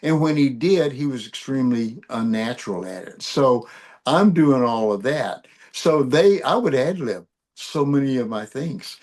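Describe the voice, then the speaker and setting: An older man, a musician, telling lively anecdotes in an interview, laughing as he goes. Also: medium pitch, a little slow. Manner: animated storyteller, laughs often. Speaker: guest musician. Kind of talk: storytelling interview.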